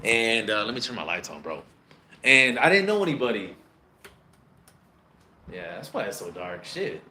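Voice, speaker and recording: An American man telling travel stories to camera in a loud, profane, animated way, recorded on a phone in a dim room. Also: moderate pace, echoey room, slight background noise. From United States. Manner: loud, profane and animated, with big pitch jumps. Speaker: travel vlogger. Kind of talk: casual storytelling to camera.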